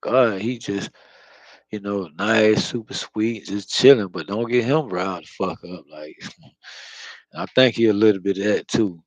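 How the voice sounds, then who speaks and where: A man's voice: on the low side, measured pace, dry recording, dull audio. A man talking in a loose, slangy, profane monologue full of fillers, close to the mic. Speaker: spiritual vlogger. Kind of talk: casual rambling monologue.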